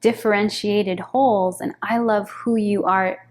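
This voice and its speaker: Woman, therapist guest, mid-pitched voice, explanatory, affirming. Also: steady tone, a little slow, a little mellow. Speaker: psychotherapist guest. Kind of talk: casual conversation.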